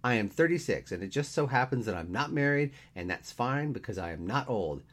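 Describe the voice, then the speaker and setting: A man voicing a brisk, snappy woman in her mid-thirties who talks fast and indignantly in a storybook reading. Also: mid-range voice, expressive, fairly bright tone, voice pushed up.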